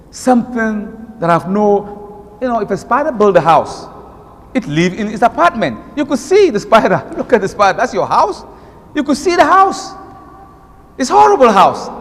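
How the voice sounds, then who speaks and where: Nigerian male preacher, high lively voice, emphatic delivery, hall echo. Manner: animated, emphatic, switches into recited Arabic verses. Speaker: Islamic preacher. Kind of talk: sermon. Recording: long reverb of a hall.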